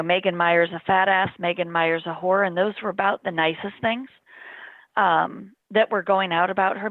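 A middle-aged woman recounts her story as an interview guest, speaking earnestly and plainly, often in the present tense. Her voice sits low. The sound is dry and narrow, like a phone line. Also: no room sound. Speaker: interview guest, bereaved mother. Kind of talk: personal account in an interview.

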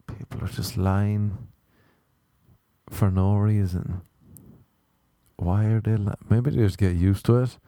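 Young male comic, low mellow voice, loose sweary rambling delivery. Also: fairly even intonation, measured pace, long pauses, dry recording. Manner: sweary, laughing, rambling storyteller. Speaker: stand-up comedian. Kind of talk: casual rambling monologue.

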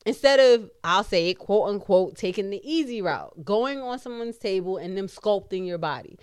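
A woman's voice: medium pitch, animated, moderate pace, darkish tone, clear, resonant tone, dry recording, clean studio sound. A woman hosting a podcast in casual chat, ranting bluntly and emphatically with heavy swearing. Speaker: podcast host.

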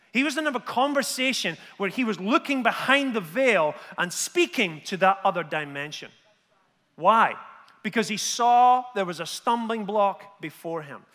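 A man preaches a lively, conversational sermon, firing rhetorical questions at his listeners. His voice sits high and sounds bright and forceful. A long reverb trails behind each line, as in a large hall. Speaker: pastor.

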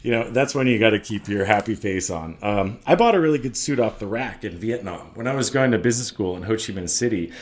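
A man in his forties co-hosting a podcast, telling travel stories in a relaxed, casual way with many fillers and restarts. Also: lowish voice, fast talker, few pauses. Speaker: podcast co-host.

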